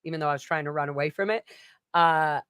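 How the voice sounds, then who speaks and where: A woman's voice: deep voice, fast talker, fairly bright tone, clean tone, dry recording, studio quality. A woman singer chatting as a guest in an interview, swearing freely and slipping into playful put-on voices. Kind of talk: casual interview chat.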